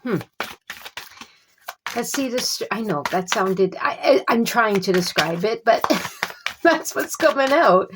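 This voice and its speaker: A woman with a fairly high voice talks through a tarot reading in a loose, unscripted way. She stops and restarts as she searches for words and leans on fillers. Her tone stays reassuring, and she comes back to the same comforting phrases. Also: animated, a little slow, noisy background. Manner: reassuring, repeats soothing phrases. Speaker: tarot reader. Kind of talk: casual tarot reading monologue.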